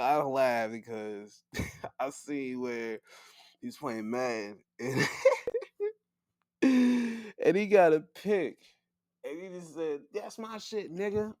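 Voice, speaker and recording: A man rambles through sports news in a loose, profane, laughing style. His pitch swoops up and down constantly as he gets worked up. The sound is dry and close, with no room around it. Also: dry recording. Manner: animated, laughing, slangy, profane. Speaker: podcast host. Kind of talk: casual solo sports talk.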